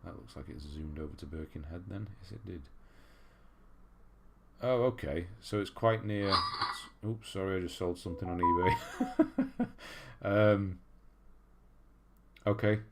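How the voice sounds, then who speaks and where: A man's voice: sits low, unhurried, creaky, long pauses, background noise. A man from England hosting a livestream in a casual, chatty way, reading viewer messages aloud and laughing at himself. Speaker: livestream host reading chat.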